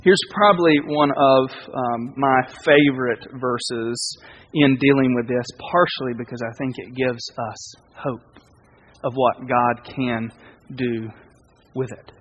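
A man's voice: medium pitch, steady tone, slow pace, a bit bright, dull audio. A male pastor giving a sermon in a loose, rambling storytelling way, often breaking off and restarting. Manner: casual, rambling, self-interrupting storytelling.

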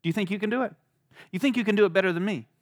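A man's voice: high-pitched, very fast, close to an everyday voice. A man voicing God in a retold Bible story, firing off incredulous, challenging questions. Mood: exasperated. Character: God, an exasperated male deity.

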